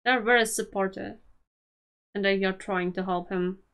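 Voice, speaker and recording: A woman's voice: mid-range voice, fairly even intonation, moderate pace, fairly bright tone, clean tone. A woman hosting an anime reaction, talking casually and emotionally to the screen and laughing often.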